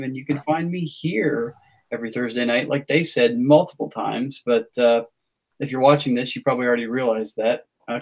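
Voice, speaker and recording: A man hosting a casual podcast, rambling with many fillers and restarts. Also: mid-range voice. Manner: rambling, filler-heavy, self-deprecating. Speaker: podcast host. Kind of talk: casual podcast sign-off chat.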